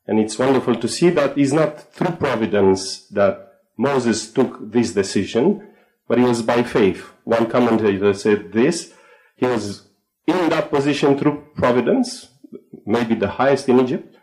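A man's voice: medium pitch, measured pace, darkish tone, rough recording. A man in a group Bible discussion, giving simple explanations for younger listeners. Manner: explanatory, defining terms simply. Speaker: Bible study participant.

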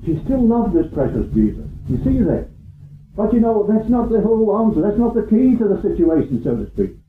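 A man's voice: fairly high pitch, a little hiss or hum. A man preaching a sermon in an earnest way, often repeating phrases and asking rhetorical questions. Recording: tinny phone-like sound in an echoey hall.

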